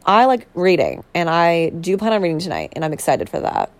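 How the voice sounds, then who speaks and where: A woman's voice: lowish voice, huge pitch swings, fairly quick. A young woman hosting a casual solo podcast, rambling and bubbly, full of fillers and self-corrections. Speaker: podcast host.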